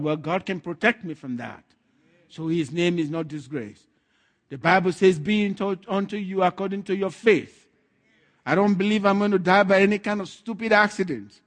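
A man with a high, bright-edged voice preaches with fervent conviction to his congregation. He swings between loud declarations and soft chuckling asides. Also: normal speed. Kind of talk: sermon.

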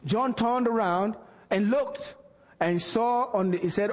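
A man with a high voice preaches in a church, spinning a story and acting out each exchange. His words ring out with a long hall reverb. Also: slow. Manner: animated storyteller acting out dialogue. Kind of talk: sermon storytelling.

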